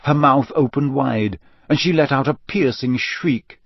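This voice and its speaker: Man narrating an audiobook, steady. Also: medium pitch, measured pace, creaky, slightly rough, no echo, highs cut off.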